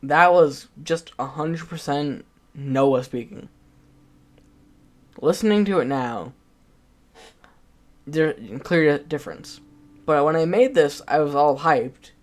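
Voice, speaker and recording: A man's voice: a little high, takes it slowly, long pauses. A man giving casual video game commentary, chatty and self-mocking as he looks back at his own old predictions. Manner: chatty and self-mocking, with frequent restarts and laughs.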